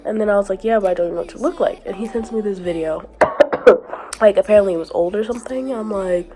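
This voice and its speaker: A woman's voice: medium pitch, quick pace, dark tone. A young woman vlogging casually about her week, filling her talk with "like", with a scratchy sore throat and a cough, over faint music. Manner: chatty, fills speech with "like", laughs often. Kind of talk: casual storytelling vlog.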